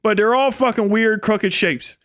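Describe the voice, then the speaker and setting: High-voiced man in a profane comedic rant. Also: moderate pace, fairly bright tone, no room sound, clean studio sound. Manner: profane, rambling, mocking. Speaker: livestream host. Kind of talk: comedic rant on a live stream.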